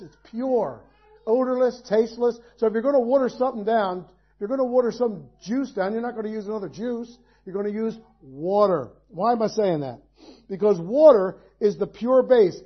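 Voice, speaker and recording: A man's voice: high-pitched, slightly rough, dull audio. A male pastor preaching a sermon, in a conversational style with folksy asides and rhetorical questions.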